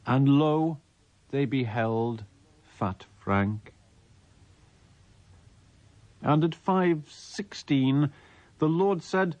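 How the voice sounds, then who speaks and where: A man's voice: fairly high pitch, big pitch swings, takes it slowly, pauses often, darkish tone. A man, a radio host reading a listener's letter aloud in a mock-solemn, theatrical way.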